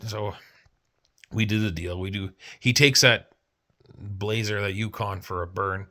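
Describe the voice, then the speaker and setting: A man's voice: fairly low pitch, fairly even intonation, normal speed, bright, forceful tone. A man from Canada telling a rambling, profane story in a casual vlog, acting out the people he quotes. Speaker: vlogger.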